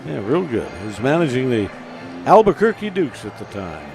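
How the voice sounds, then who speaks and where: A man calling a baseball game as play-by-play announcer, relaxed and chatty between pitches. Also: normal speed, creaky, soft background music. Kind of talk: baseball radio commentary.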